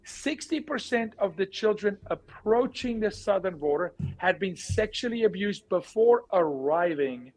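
A man speaking as an interview guest, forceful and emphatic, repeating his key words. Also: high-pitched, expressive, unhurried, few pauses, rough recording. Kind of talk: impassioned interview talk.

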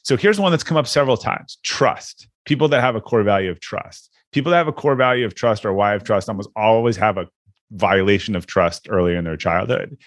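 A man's voice: lowish voice, brisk, no echo, studio quality. A man hosting a podcast, casually explaining workplace ideas with examples. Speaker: podcast host. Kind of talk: casual chat.

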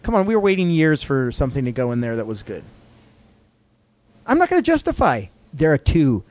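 A man's voice: medium pitch, animated, fast talker, a little mellow. A man hosting a casual podcast, rambling and self-deprecating as he reads out a ranked list and justifies his picks. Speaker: podcast host.

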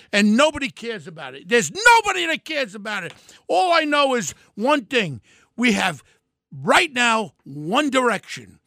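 High, gravelly older man ranting. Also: dry recording, studio quality. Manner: yelling, ranting, name-calling. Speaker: political commentator. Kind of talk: fiery political rant.

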